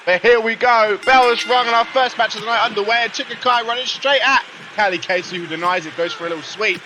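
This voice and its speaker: A man's voice: sits high, fast talker, background noise. A young man commentating a wrestling game live on a stream, chatty and greeting viewers between calls. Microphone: laptop mic. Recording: music playing behind. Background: music.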